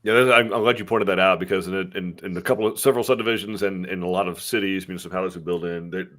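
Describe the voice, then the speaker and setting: Deep-voiced, fast-talking man. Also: fairly even intonation, fairly bright tone. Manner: folksy, talkative, lots of restarts. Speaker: co-host, home builder presenter. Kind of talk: casual live-stream chat.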